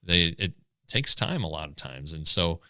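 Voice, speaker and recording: A man co-hosting a podcast, chatting casually about a pitcher's numbers, with many halting restarts. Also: animated, sharp tone, no echo. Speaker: podcast co-host. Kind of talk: casual sports chat.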